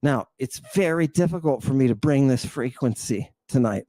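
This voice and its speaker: A man's voice: mid-range voice, lively intonation, normal speed, warm tone, dry recording. A man giving a theatrical lecture, full of exclamations and calling out to his listeners as "people".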